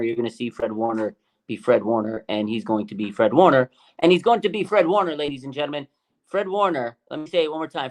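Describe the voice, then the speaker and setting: A man co-hosting a fan show, talking excitedly and repeating names for emphasis, his voice climbing high and loud as he gets worked up. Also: gravelly. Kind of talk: excited casual sports talk.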